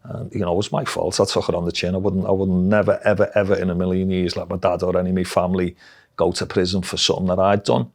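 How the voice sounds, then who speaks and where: Deep-voiced middle-aged Scouse man. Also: level tone, fast, vocal fry. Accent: Liverpool Scouse. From Liverpool, England. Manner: blunt, dialect-heavy, frank. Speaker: interviewee. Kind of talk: candid personal storytelling.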